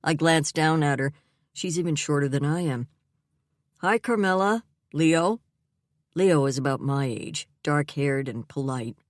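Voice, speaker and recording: A woman's voice: deep voice, steady tone, normal speed, dry recording, clean studio sound. A woman reading a first-person mystery audiobook in a wry, conversational manner. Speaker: audiobook narrator.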